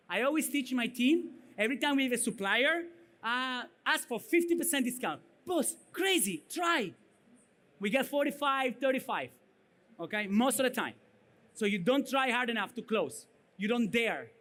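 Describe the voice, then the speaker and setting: A man's voice: very high voice, fairly bright tone. A man with an Italian accent giving a blunt, punchy conference keynote, often ending points with "right?" or "okay?". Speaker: keynote speaker. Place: conference stage.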